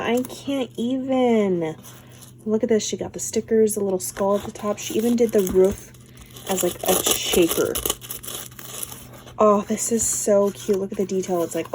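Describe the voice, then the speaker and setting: A woman in her thirties chatting casually as she unboxes craft mail, gushing and excitable, sometimes dropping to a soft whisper. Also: medium pitch, slight background noise. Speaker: craft vlogger.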